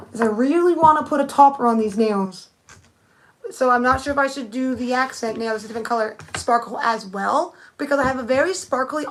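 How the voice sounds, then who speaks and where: A young woman thinking aloud in a rambling, casual live-stream chat, answering viewers with many restarts. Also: a little high. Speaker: nail art streamer.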